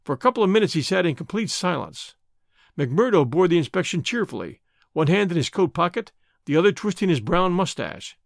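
Expressive male audiobook narrator. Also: sits high, gravelly, dry recording, studio quality. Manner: measured, expressive storytelling.

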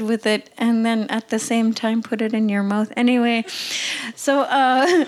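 A woman's voice: on the high side, fairly even intonation, unhurried. Blunt, fervent young woman from the Arctic. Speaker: speaker sharing her views. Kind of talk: impassioned personal talk.

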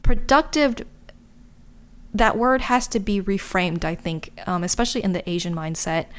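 A woman's voice: fairly low pitch, a little fast. A woman talking candidly to her viewers in a casual, chatty way, wandering off into asides. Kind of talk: casual chat to camera.

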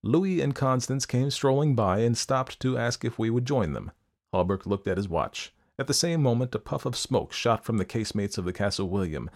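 A man narrating a first-person audiobook at a measured pace. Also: mid-range voice, animated, a little mellow, soft background music.

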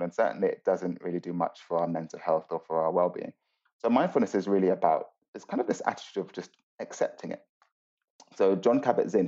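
Deep, mellow-voiced man explaining. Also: highs cut off. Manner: earnest, thoughtful, explains with pauses and restarts. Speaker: guest, mindfulness teacher. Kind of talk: podcast interview explanation.

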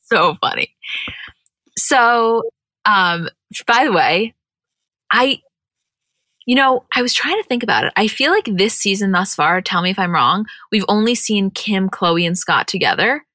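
A young woman co-hosting a podcast in casual, chatty, animated talk that includes casual swearing. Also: mid-range voice, a little slow, no echo. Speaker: podcast co-host. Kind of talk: casual chat.

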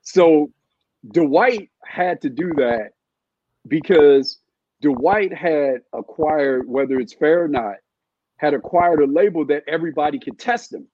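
Guest analyst, man in his fifties, slightly high voice, emphatic and repetitive, heard over a dull remote line. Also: unhurried, a little mellow, a little hiss or hum. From California. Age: 50s. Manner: emphatic, repeats his points, builds arguments with analogies. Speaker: guest, former sportswriter and scout. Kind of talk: podcast sports analysis.

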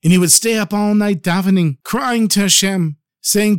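Expressive male storyteller, dry close sound. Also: high voice, moderate pace, hardly any pauses, smooth, no echo. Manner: expressive, warmly addressing listeners. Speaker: storyteller and podcast host. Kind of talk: storytelling podcast narration.

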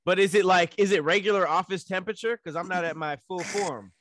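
A man co-hosting a casual podcast chat, telling quick funny stories. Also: high-pitched, fairly bright tone, no echo. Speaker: podcast co-host.

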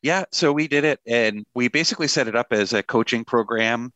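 A man's voice: medium pitch, fairly quick, pushed and bright, no echo. A middle-aged man, a pastor and author, talking earnestly in a conversational interview with a touch of self-deprecating humor.

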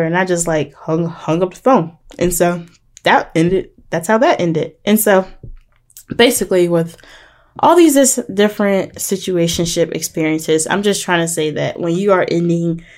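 A young woman vlogger telling a dating story to her viewers in a chatty, animated way and calling them y'all. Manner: animated, chatty, addresses viewers as y'all, jumps up high when excited. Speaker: vlogger giving relationship advice.

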